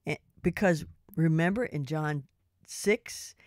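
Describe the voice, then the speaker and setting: A woman's voice: low voice, slow pace, a little mellow, no echo, clean studio sound. Earnest older woman giving a devotional. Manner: earnest and personal, quotes scripture in King James wording. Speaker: devotional speaker. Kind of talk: devotional talk to women listeners.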